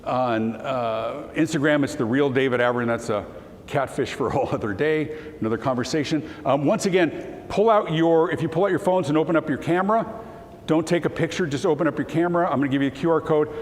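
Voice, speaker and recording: A man delivers a keynote talk, telling his story with animated, acted-out dialogue and a voice that breaks with emotion. His mid-pitched voice rings in a large hall with a long reverb tail. A faint background hum sits under the talk. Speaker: keynote speaker. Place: conference hall.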